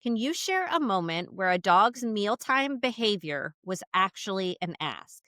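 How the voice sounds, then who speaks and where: A woman's voice: mid-range voice, very animated, unhurried, sharp tone, dry recording, studio quality. A woman hosting a podcast, asking an interview guest questions in an upbeat, enthusiastic way. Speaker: podcast host.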